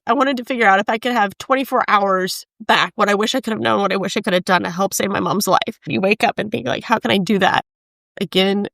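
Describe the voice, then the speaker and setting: A woman's voice: fairly high pitch, dry recording, studio quality. Earnest woman telling a personal story. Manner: earnest, with occasional soft laughs. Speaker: guest, patient safety foundation co-founder. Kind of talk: personal storytelling in a podcast interview.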